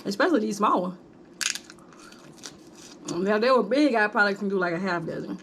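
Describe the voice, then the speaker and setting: A woman's voice: mid-range voice, lively intonation, brisk, a bit bright, a little hiss or hum. A woman vlogging a mukbang in a casual, chatty way, calling her viewers "honey" and "y'all" between bites. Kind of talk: casual chat while eating.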